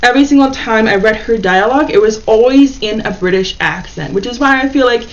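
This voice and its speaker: A woman's voice: fairly high pitch, a little fast, muffled recording. A chatty woman giving a casual book review and often saying "like".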